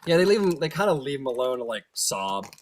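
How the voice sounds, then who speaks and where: Animated man running a tabletop game. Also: medium pitch, fast talker. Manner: animated, laughing, jumps into silly voices. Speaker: game master. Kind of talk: narrating a tabletop game with character voices.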